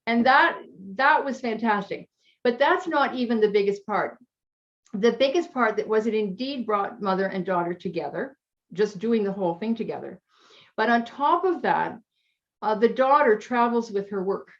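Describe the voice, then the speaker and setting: Female coach, interview guest; warm storytelling, emotional, slightly dull recording. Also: medium pitch, expressive, moderate pace. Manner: chatty, emotional, gets teary. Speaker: health coach.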